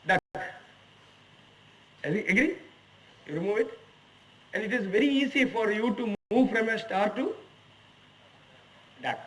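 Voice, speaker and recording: High-voiced Indian man lecturing from afar. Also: fairly bright tone, distant mic, rough recording. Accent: Indian English. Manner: emphatic, asks the audience rhetorical questions. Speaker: HR executive giving a guest lecture. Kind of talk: lecture to students. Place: lecture hall at a management institute.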